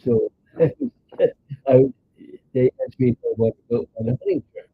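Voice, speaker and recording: A grandfather in his nineties speaks with a New York accent and a gravelly, husky voice. He rambles through memories in a halting way, with many filler sounds. The sound is tinny and thin, like a phone line. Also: mid-range voice, huge pitch swings, no echo. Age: 90s. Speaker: interview guest, grandfather. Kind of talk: casual storytelling chat.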